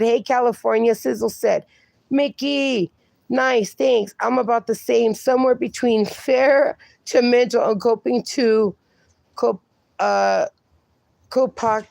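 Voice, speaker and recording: A woman's voice: on the high side, creaky, darkish tone, dry recording. A woman hosting a livestream, reading viewer comments aloud and chatting casually, laughing often. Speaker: livestream host reading chat. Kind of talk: casual chat.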